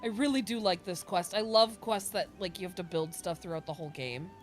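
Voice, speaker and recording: A woman hosting a video game playthrough, chatting excitedly and laughing as she plays. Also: lowish voice, brisk. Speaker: let's play host. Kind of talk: casual gameplay commentary. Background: game music.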